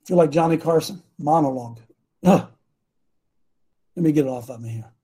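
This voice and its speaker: A man's voice: on the high side, normal speed, warm tone, slightly rough. A man preaching informally to a congregation, blunt and combative, mocking his critics and throwing asides to the room.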